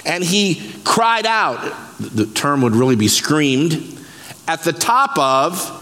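A man pastor preaching a sermon, lively and emphatic, breaking scripture down word by word. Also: fairly high pitch, takes it slowly. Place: church sanctuary. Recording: long reverb of a church hall.

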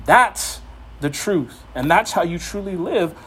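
A man's voice: high voice, animated, measured pace, fairly bright tone, husky. A man preaching a sermon in a conversational way, mixing Scripture with humorous family asides. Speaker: pastor.

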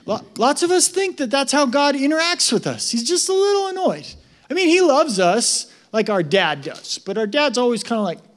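High-voiced, conversational, emphatic male pastor. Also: normal speed. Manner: conversational, emphatic, rising to loud excitement. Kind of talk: sermon.

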